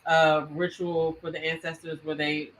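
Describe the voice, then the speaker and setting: A woman co-hosting a podcast in casual chat, animated and emphatic, laughing often. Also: sits low, moderate pace, slight background noise, low-quality recording. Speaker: podcast co-host.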